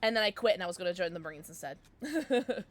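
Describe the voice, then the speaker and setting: A young woman chats away as she streams a game, her pitch bouncing up and down. She rambles, curses, and reads her chat aloud in an easy, unscripted way. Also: expressive, quick pace. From Midwestern United States. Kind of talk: casual live-stream chat while gaming.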